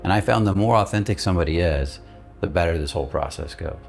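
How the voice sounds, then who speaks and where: A male coach giving a guided instructional talk, calm and steady, stressing key words by repeating them. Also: low-pitched, quick pace, vocal fry, soft background music. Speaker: emotional release coach.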